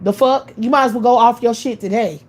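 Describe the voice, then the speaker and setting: A woman's voice: a little high, a little fast, darkish tone. A woman from the United States delivering a profane, scornful rant full of repeated rhetorical questions. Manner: scornful, repetitive rhetorical questions, heavy swearing. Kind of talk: profane ranting monologue.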